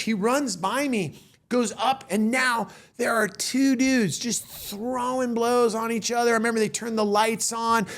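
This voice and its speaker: A man in his fifties, a comedian hosting his own show, telling stories in an animated monologue and acting out the voices of people in them. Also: extremely high pitch, unhurried. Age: 50s. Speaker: comedian host. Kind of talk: storytelling monologue.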